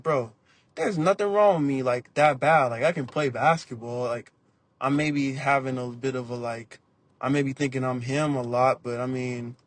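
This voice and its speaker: A young man talking casually as a podcast guest, telling stories in laid-back slang and acting out what people said. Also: medium pitch. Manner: animated storytelling, acts out quotes. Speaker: podcast guest, basketball player. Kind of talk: casual interview talk.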